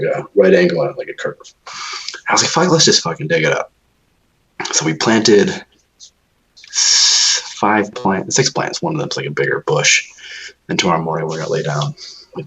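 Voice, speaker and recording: A man's voice: low voice, gravelly, a bit bright, a little hiss or hum, low-quality recording. A man co-hosting a podcast, telling rambling, profanity-laced stories in casual chat. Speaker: podcast co-host.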